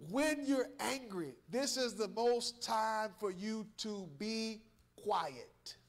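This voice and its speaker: A man's voice: high voice, slow pace. A man preaching a revival sermon, emphatic and repetitive, drawing call-and-response from the congregation. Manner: emphatic, repeats words and restarts, chuckles. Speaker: guest preacher, church elder.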